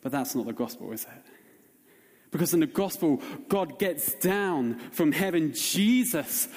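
A man's voice: a little high, expressive, a little slow, darkish tone. A man preaching a sermon as pastor, earnest and emphatic, repeating phrases as he builds his point. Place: church hall. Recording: reverberant church hall.

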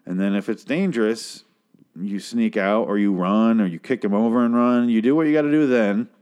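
A man with a somewhat low voice talks through a TV episode in loose, rambling recap mode. He stops and restarts his sentences and swears freely. He pops into exaggerated high-pitched impressions of the characters. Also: normal speed, a little mellow, clean tone. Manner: rambling, profane, restarts a lot; mimics characters in a raised voice.

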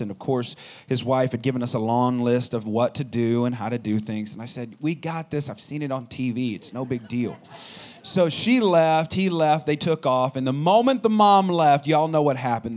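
A man giving a sermon, telling a personal story in a casual, animated way that drops low at the quiet moments. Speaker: pastor.

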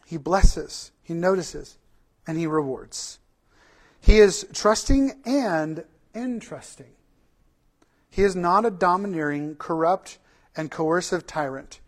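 A male pastor preaching a sermon, animated, with repeated lists and rhetorical questions. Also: fairly high pitch, slow pace.

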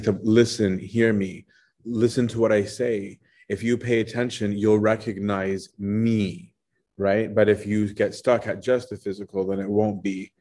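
A man with a fairly low voice walks through scripture in a relaxed, conversational way. He keeps tagging his points with a quick "right?" to check his listeners are following. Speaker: Bible teacher. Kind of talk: casual Bible study teaching.

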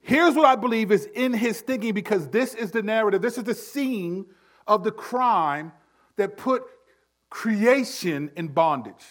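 A male pastor preaching a sermon in a conversational way, with asides to his listeners, his voice swinging from loud emphasis to hushed tones. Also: high-pitched, lively intonation, unhurried.

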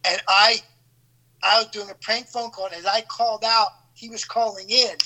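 A man in his fifties telling a story in casual chat as a podcast host, animated and acting out quoted voices. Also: high-pitched, moderate pace, low-quality recording. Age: 50s.

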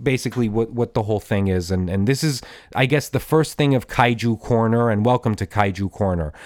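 A man talks through a casual solo podcast in a fairly high voice that bounces all over the place. He rambles, restarts his sentences and wanders into asides with a fan's excitement. The sound is close and dry. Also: no room sound. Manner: enthusiastic fan. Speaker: podcast host.

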